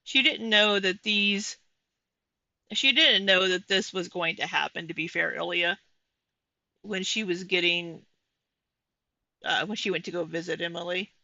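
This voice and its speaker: A woman's voice: on the low side, a little slow, vocal fry, long pauses, pushed and bright, no room sound, lo-fi sound. A woman giving casual commentary over livestream clips, chatting with viewers by name.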